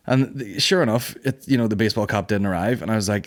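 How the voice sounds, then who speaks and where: A man's voice: on the low side, fast. A man hosting a comedy podcast, telling sweary stories in a casual monologue and acting out the people in them. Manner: sweary storytelling, acting out quoted voices. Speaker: podcast host.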